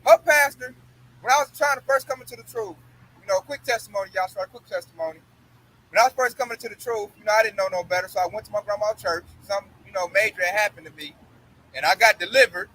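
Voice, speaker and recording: Man, young adult, very high voice, bright, blunt profane street testimony, outdoors. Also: fast talker, a little hiss or hum, poor audio. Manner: blunt, profane, animated storytelling.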